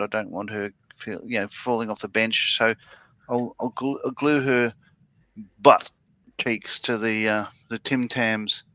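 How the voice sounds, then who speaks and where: A man co-hosting a relaxed livestream, talking in a loose, rambling way while he works on a model. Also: fairly low pitch, dry recording. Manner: rambling, lots of fillers and restarts. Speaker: livestream co-host building scale models. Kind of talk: relaxed casual chat.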